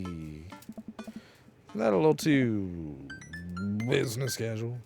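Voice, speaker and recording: A man's voice: mid-range voice, expressive, measured pace, long pauses, faint music behind. A man casually commenting on a dating game he is playing, joking around and reading the game's messages aloud. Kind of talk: casual let's-play commentary.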